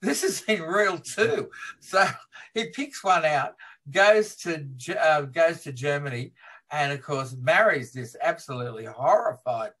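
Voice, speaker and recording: Animated, higher-voiced man retelling film scenes. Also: measured pace, husky. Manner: lively retelling of film scenes, laughs while speaking. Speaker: film historian guest. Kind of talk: animated interview storytelling.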